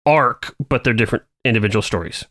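A man's voice: mid-range voice, fast talker, a bit bright. A man co-hosting a podcast in casual, meandering chat. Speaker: podcast co-host.

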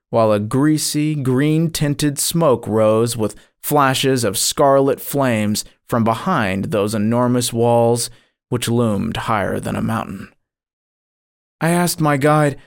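Brief: male audiobook narrator, measured and solemn, very unhurried delivery. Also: medium pitch. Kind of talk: scripted narration.

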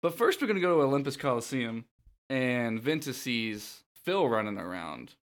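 A man hosting a casual podcast, playful and quick to laugh. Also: mid-range voice, sing-song. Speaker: podcast host.

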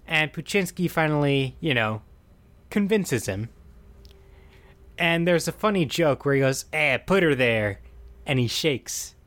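A man's voice: a little high, lively intonation, unhurried, pauses often, fairly bright tone. A man co-hosting a casual podcast, animatedly retelling a film's plot, acting out quoted lines and laughing often. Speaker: podcast co-host recapping a film. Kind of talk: casual chat.

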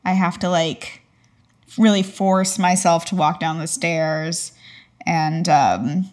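A woman's voice: on the low side, steady tone, slow pace. A woman playing a tabletop role-playing game, speaking hesitantly with many fillers. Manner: hesitant, soft-spoken. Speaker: player. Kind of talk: casual chat as a tabletop player.

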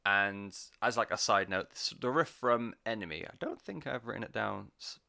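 A man talks through an album in a loose, rambling way, full of fillers and cheerful swearing. His voice sits a little low but sounds bright and forceful. He gets audibly excited about what he loves. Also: normal speed, gravelly. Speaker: album reviewer. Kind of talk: casual spoken music review.

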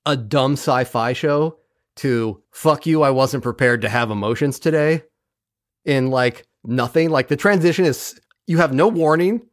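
A man of middle pitch talks casually as a podcast host, retelling a story with wry, profane humor and lively energy. The recording is dry and close, with no room sound. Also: dry recording. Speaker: podcast host recapping an episode. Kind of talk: casual chat.

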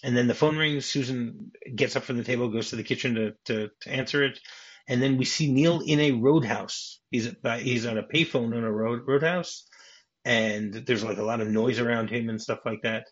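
A man's voice: medium pitch, moderate pace, breathy edge. A man on a podcast as a guest, casually recounting a film script in a rambling way, with frequent restarts, acting out the quoted lines. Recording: dull lo-fi podcast audio.

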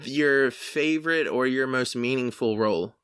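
A man with a bright, forceful voice hosts a podcast interview. He rambles and halts, restarting his sentences. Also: medium pitch, smooth. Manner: rambling, halting. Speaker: podcast host. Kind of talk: casual interview chat.

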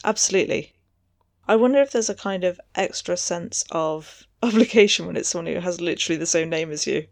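A woman co-host with a fairly low voice, speaking carefully and precisely in relaxed discussion. Her voice is close and dry, with no room sound around it. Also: gravelly, no echo. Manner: measured and precise. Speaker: podcast co-host. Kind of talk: casual chat.

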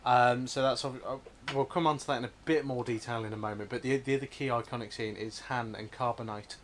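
Man, middle pitch, hesitant, casual film podcast. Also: fairly even intonation, quick pace, fairly bright tone, a little hiss or hum. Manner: hesitant, many fillers and restarts.

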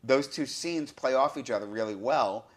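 A man hosting a podcast, talking through a film review in an excited, casual way, often saying "you know". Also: medium pitch, normal speed. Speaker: podcast host.

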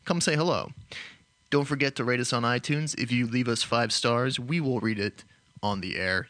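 A man, a podcast co-host, reading the show's outro announcements in a measured, upbeat way. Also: mid-range voice, a bit bright, no echo.

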